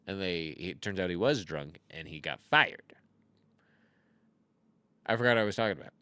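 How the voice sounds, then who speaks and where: A man's voice: fairly low pitch, brisk, a bit bright, clear, resonant tone, dry recording. A man in his thirties giving casual, rambling commentary over a card game, full of jokes and self-mocking asides.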